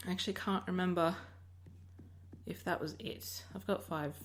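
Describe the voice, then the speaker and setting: A woman's voice: lowish voice, fairly even intonation, moderate pace. An Australian woman giving casual commentary over her recorded gameplay, rambling and often breaking off mid-sentence. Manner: rambling, self-interrupting, chatty. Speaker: Minecraft let's player.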